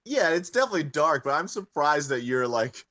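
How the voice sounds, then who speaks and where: A man co-hosting a casual live-stream chat, retelling jokes in a loose way that trips over its own restarts. His mid-pitched voice is bright and moves a lot. The sound is dry and close. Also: big pitch swings, a little fast, no echo. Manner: loose, joke-telling, stumbling restarts. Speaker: co-host.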